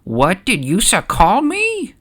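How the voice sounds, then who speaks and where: A man's voice: sits high, huge pitch swings, takes it slowly, fairly bright tone, pitched above the performer's own voice, exaggerated voice. A man voicing a clumsy, smug male amphibian alien who talks in broken pidgin. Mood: angry.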